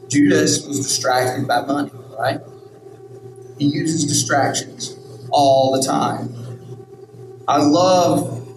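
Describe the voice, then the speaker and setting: A man's voice: mid-range voice, noisy background. A male pastor preaching a sermon, emphatic and repetitive, often asking the crowd "right?". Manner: repetitive, emphatic, rhetorical questions. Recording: echoey hall, distant mic, music.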